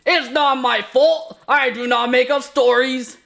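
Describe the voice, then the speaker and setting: A streamer voicing a blunt, indignant Russian woman who speaks broken English in a loud, emphatic way. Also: high voice, fairly even intonation, measured pace, vocal fry, voice pushed up, exaggerated voice.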